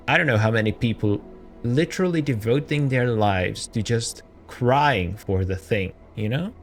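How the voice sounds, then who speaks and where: A man in a mid-pitched voice hosts a casual let's play, reading game text aloud and musing through the story as he goes. He jokes with the characters and often trips over his words, then corrects himself. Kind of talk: casual gameplay commentary.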